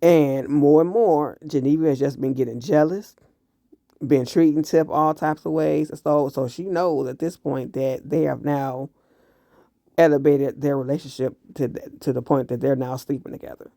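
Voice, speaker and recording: A man recapping a TV series episode in casual, animated commentary, blunt and full of profanity. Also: fairly high pitch, normal speed, vocal fry, no room sound, studio quality. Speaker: TV show reviewer.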